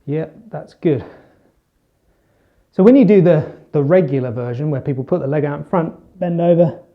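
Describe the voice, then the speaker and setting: Relaxed man coaching stretches, muffled sound. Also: a little high, gravelly. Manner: relaxed, chatty, talks while demonstrating stretches. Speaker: fitness coach. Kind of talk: instructional demonstration.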